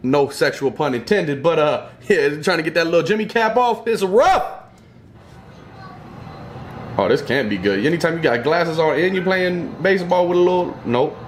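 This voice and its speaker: Casting: young guy, lively up-and-down delivery with a slightly higher pitch, cursing and cracking jokes while reacting to videos. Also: normal speed, slight background noise. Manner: profane, exclaiming, joking slang-heavy banter. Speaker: YouTuber reacting to funny clips. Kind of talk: casual reaction commentary.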